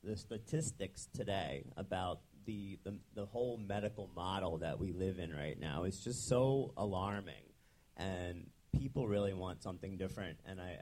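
A man's voice: low-pitched, mellow, slight background noise. A young adult man, a chiropractor, telling his story in a casual interview with frequent ums and restarts. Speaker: chiropractor guest. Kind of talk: conversational interview.

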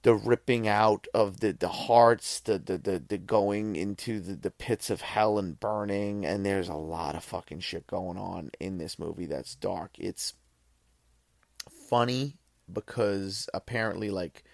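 Man, low gravelly voice, casual film-review podcast, swears a lot, rambles, dry close sound. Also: measured pace, darkish tone, no room sound. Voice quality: swears freely, rambling with restarts. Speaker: podcast host.

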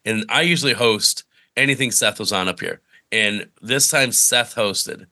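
A man's voice: lowish voice, moderate pace, bright, forceful tone. A man hosting a casual podcast chat, prompting with short reactions.

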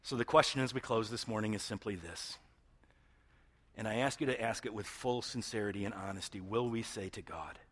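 A man preaching a sermon as pastor, moving between loud emphatic passages and hushed near-whispers. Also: fairly low pitch, fairly quick, slightly rough.

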